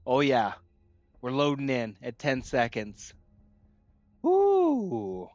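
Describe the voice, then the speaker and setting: A man hosting a gaming video in casual commentary, thinking aloud and breaking into repeated excited exclamations. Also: medium pitch, measured pace, no echo. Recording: faint music behind the voice.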